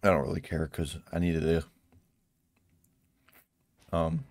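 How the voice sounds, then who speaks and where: A man with a deep, low-pitched voice talks through his gameplay in a casual let's-play style. He chuckles often and blurts out surprised exclamations as things happen on screen. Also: steady tone, slow pace, gravelly, a little mellow. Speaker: gameplay commentator.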